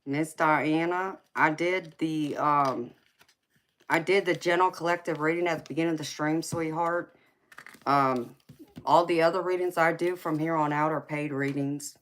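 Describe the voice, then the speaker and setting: A woman with a Southern US accent and a low, steady voice at a moderate pace hosts a tarot reading live stream. Her chat is casual and folksy, and she calls listeners baby, sweetheart and honey.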